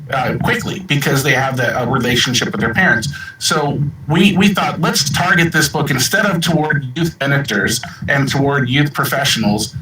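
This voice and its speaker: Man, author guest, explanatory, repeats words, mid pitch, echoey room, distant mic, noisy. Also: bright, forceful tone. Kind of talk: casual interview chat.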